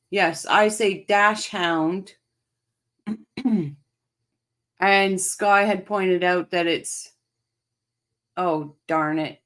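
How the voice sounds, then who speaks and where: Slow-talking woman reading chat. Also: on the low side, fairly bright tone. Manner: chatty, laughs often, answers viewers. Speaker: livestream host reading chat. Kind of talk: casual livestream chat.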